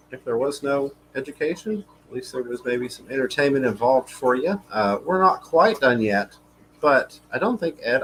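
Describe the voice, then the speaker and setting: A man co-hosting a casual live stream, talking in a relaxed way with many fillers and reading viewer comments aloud. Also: medium pitch, slight background noise, low-quality recording. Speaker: livestream co-host.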